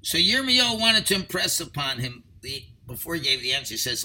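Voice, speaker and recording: A man's voice: on the high side, sing-song, brisk, hardly any pauses, pushed and bright, a little hiss or hum, poor audio. A man teaching a Torah lecture as a rabbi, explaining earnestly through stories and rhetorical questions.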